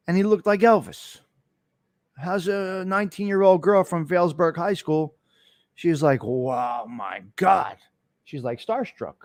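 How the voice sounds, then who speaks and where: A man's voice: mid-range voice, no room sound. A middle-aged man, hosting a casual live stream and telling rambling, repetitive stories, cursing freely and answering viewers by name.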